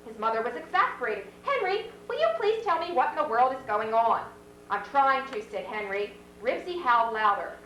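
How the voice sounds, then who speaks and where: A woman teacher reading a children's story aloud to a class, with expressive read-aloud voices for the characters, in a classroom. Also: high voice. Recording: echoey classroom from far off, faint hum.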